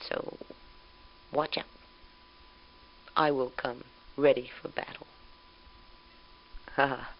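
A woman's voice: a bass voice, steady tone, takes it slowly, slight background noise. A young woman talks into a tape recorder, sending a spoken letter to her husband far away. She sounds chatty and fond, with an amused lilt. The sound is dull and muffled, like an old home cassette.

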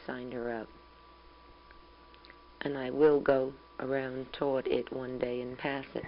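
Young mother, low voice, calm and tender, reflective spoken letter on a muffled home tape with a faint hum. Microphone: home tape recorder.

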